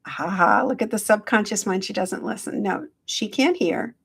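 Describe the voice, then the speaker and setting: A middle-aged woman hosting a casual live-stream check-in, speaking slowly and gently to her viewers through a phone. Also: medium pitch, lively intonation, creaky, slightly rough. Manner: slow, gentle, affectionate, greets viewers by name. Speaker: hypnotherapist livestream host.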